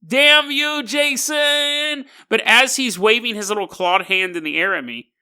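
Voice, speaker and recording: Bright, high-voiced jokey male podcaster. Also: lively intonation, brisk, smooth. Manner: rambling, jokey, laughs often. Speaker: podcast host. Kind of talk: casual storytelling podcast.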